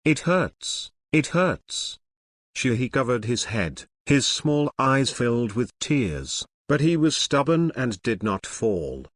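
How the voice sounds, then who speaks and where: A man's voice: mid-range voice, big pitch swings, slow pace, hardly any pauses, no echo, studio quality. A man narrating a translated fantasy novel as a storyteller.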